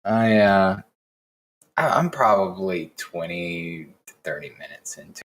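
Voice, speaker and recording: A man's voice: deep voice, animated, a little slow, a bit bright. A man co-hosting a podcast in casual chat, laid-back and joking. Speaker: podcast co-host.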